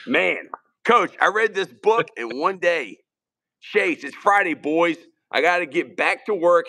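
A man from Virginia, co-hosting a casual podcast stream and rambling through shout-outs and jokes. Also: high voice. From Richmond, Virginia. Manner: rambling, shouting out viewers, joking. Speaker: podcast co-host. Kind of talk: casual live-stream chat.

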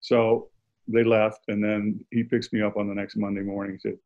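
Gravelly-voiced older American man. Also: fairly low pitch, fairly even intonation, a little fast, darkish tone, lo-fi sound. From United States. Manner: laughs easily, anecdotal storytelling. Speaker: guest author. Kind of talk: casual interview chat.

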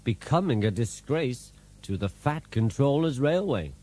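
A man's voice: mid-range voice, sing-song, unhurried, mellow. A man voicing a cheerful, teasing young male engine in a storybook reading, with music behind. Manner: chuckling, teasing.

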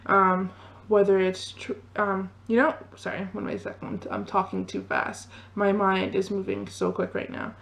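A woman's voice: mid-range voice, animated, a little slow, creaky, a bit bright. A woman in her twenties chatting casually to camera as a fitness vlogger, rambling loosely with lots of fillers. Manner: rambling, loose, full of "you know" and "like". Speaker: fitness vlogger and pole dancer.

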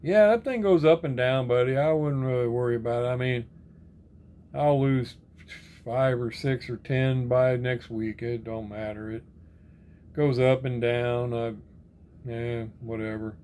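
Here the diecast collector sounds medium-pitched and warm, speaking at a measured pace with a little hiss or hum in the recording. Nursing a sore arm and shoulder, he works through viewer comments in a relaxed, rambling way, reading names then responding, with repeated friendly sign-offs like "right on, brother."

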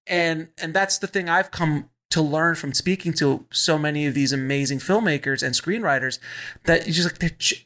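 A man hosting a podcast interview, talking in animated, restarting bursts and laughing often. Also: on the high side, moderate pace. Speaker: podcast host. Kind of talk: casual interview chat.

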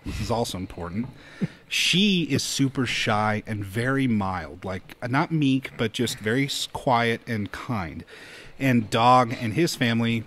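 Chatty man telling a story on a podcast. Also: mid-range voice. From Colorado, US. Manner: animated, chatty, with quick laughs and many "like"s. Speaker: podcast co-host. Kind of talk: casual storytelling.

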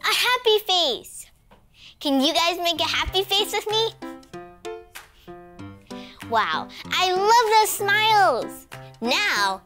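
Lady playing a bubbly little puppet girl, high and bouncy, soft music behind. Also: exaggerated voice. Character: cheerful girl puppet host Poppy.

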